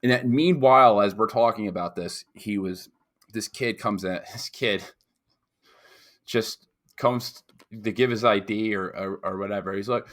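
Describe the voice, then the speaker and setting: Give me a rambling, crude man from the United States, slightly low-pitched, talking casually on a podcast. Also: a little slow, a bit bright. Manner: rambling, crude, full of restarts. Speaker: podcast co-host. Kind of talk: casual chat.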